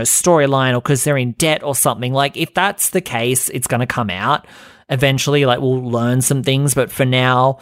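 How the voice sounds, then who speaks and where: A man's voice: medium pitch, no room sound, studio quality. A man hosting a podcast, recapping reality TV in casual, profane gossip full of fillers and mocking quotes. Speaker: podcast host.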